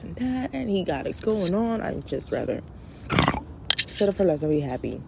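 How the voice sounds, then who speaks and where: A woman in her thirties talking casually and comedically, blunt and profane, often mimicking her children in high voices. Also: big pitch swings, moderate pace, gravelly. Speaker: podcast host. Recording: dull lo-fi sound with faint background noise.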